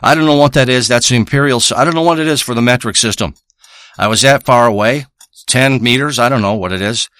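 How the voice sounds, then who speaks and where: Crude braggart treasure hunter guy, a man doing the bit, tense bright tone, dry recording, swears nonstop. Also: mid-range voice, quick pace, no echo, close to an everyday voice. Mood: boastful. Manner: profane, rambling and boastful. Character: crude rambling male backwoods treasure hunter. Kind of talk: improvised comic character monologue.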